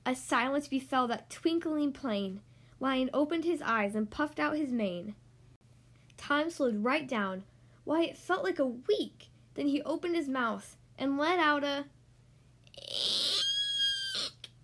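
High-voiced woman reading a kids' book. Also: unhurried. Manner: sing-song, expressive storytelling. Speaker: podcast host reading children's books. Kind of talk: reading a rhyming picture book aloud to kids.

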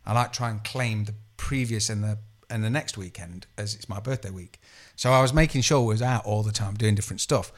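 A man co-hosting a podcast, telling stories in a jokey, animated way, swearing and mimicking other people. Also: fairly low pitch, fairly quick, few pauses. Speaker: podcast co-host. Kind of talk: casual podcast chat.

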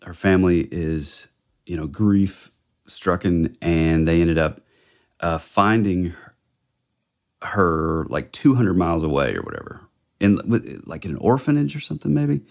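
A man with a low voice chats casually on a podcast. He thinks aloud as he goes, hesitating and filling pauses with "like" and "you know.". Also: expressive, creaky, a little mellow. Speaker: podcast co-host. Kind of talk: casual chat.

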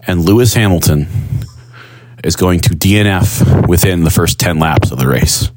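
A man's voice: low voice, normal speed, a little mellow, no room sound. A man leaving a playful, jokey voice message for a podcast. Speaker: listener submitting a voice message. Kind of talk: recorded voice message.

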